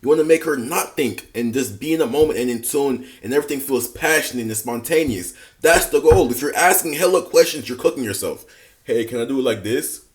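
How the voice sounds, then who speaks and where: A man's voice: medium pitch, fairly quick, few pauses. A man hosting a dating advice reaction, talking bluntly and casually with lots of slang. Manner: blunt, slangy, mock-lecturing.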